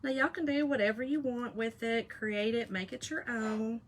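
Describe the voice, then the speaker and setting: A woman's voice: fairly high pitch, fairly even intonation, normal speed. A woman, hosting a casual craft live stream, chatty and folksy, teasing her viewers. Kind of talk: casual crafting demo chat.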